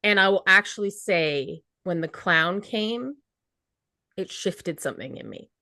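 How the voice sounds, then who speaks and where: A woman co-hosting a podcast in a casual spiritual chat, animated and laughing as she acts out her own inner voices. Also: fairly low pitch, measured pace, dry recording, studio quality. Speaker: podcast co-host.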